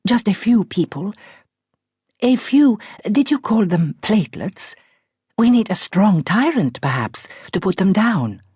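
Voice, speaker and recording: A woman's voice: medium pitch, big pitch swings, measured pace, mellow, husky, dry recording, clean studio sound, voice pushed up, heavily acted. A woman reading the lines of a posh older woman painter who speaks with a faint Iranian-tinged accent in a grand, airy, ironic way. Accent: Iranian-tinged posh English.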